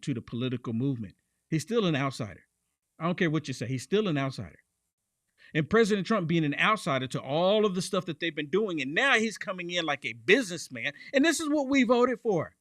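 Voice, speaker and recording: A man's voice: fairly high pitch, pushed and bright, no echo, studio quality. A man hosting a political commentary show, talking emphatically and repeating lines for punch.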